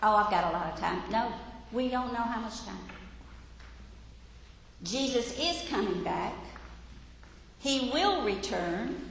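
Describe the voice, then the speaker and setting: A woman's voice: on the high side, gravelly, fairly bright tone, slight background noise. A woman gives a Bible lesson in an earnest, exhorting, conversational way, as a Sunday school teacher. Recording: echoey hall with room reverb.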